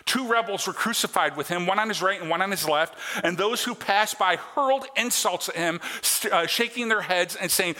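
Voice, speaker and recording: A male pastor with a notably high, bright voice delivers an earnest sermon in a conversational way. His words carry a long reverb from a large church sanctuary. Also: moderate pace, few pauses. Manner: earnest, conversational preaching with check-ins to the congregation.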